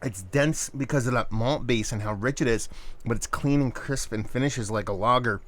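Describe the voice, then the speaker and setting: A man's voice: mid-range voice, normal speed, slight background noise. A man hosting a casual beer review video, talking in a loose, enthusiastic, slangy way.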